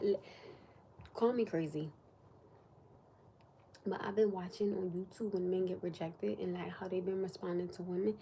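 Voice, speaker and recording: Chatty woman with a mellow voice. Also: lowish voice, creaky, slight background noise. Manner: animated, drops to whispers for emphasis. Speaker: livestream host. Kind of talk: casual livestream chat.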